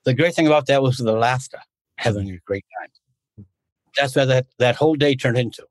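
A man's voice: mid-range voice, normal speed, no room sound. Dry-sounding rambling male interview guest. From United States. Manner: rambling storyteller, restarts often. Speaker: podcast guest, martial arts instructor. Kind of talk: casual interview conversation.

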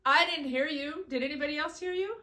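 A woman's voice: high voice, brisk, sharp tone, echoey room. A woman leading a children's singing lesson, talking in an upbeat, coaxing way straight to young children. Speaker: children's singing time leader. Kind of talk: teaching children songs and scripture.

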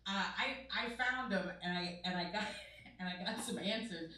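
Middle-aged lady doing stand-up, bright voice, big echoey room, bit far from the mic. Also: medium pitch, moderate pace, a little hiss or hum. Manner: animated, laughing asides, acts out quotes. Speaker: stand-up comedian. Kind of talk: stand-up comedy set. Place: comedy club stage. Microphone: handheld stage microphone. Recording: live club mic, roomy with crowd laughter.

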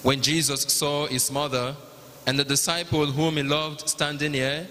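Bright-voiced Nigerian man reading scripture. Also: fairly high pitch, level tone, unhurried. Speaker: narrator of the Passion reading. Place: large cathedral. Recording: long cathedral reverb.

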